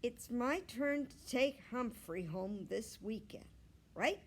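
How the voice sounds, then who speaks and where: A woman's voice: a little high, lively intonation, slow, voice pushed up. A woman reading a storybook aloud, voicing an eager, pleading young schoolboy.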